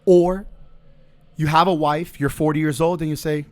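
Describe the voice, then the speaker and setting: A man with a slightly high voice delivers a motivational podcast monologue. He sounds earnest and preachy, offering faith-based advice and circling back on phrases as he builds each point. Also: fairly even intonation, moderate pace. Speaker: podcast host.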